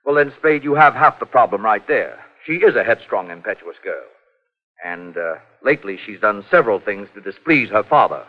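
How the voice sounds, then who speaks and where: A man's voice: lowish voice, animated, moderate pace. An actor playing a pompous, fussy male physician who talks at length, hemming and coughing, in 1940s radio acting. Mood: placating. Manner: pompous, long-winded, hemming with uhs and coughs. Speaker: doctor. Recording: muffled 1940s radio broadcast.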